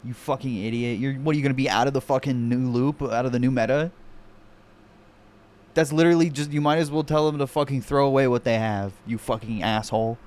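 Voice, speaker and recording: A man's voice: medium pitch, fairly even intonation, fairly quick, a little mellow. Profane, mocking male streamer. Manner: profane, mocking, sarcastic rants. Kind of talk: casual reaction commentary.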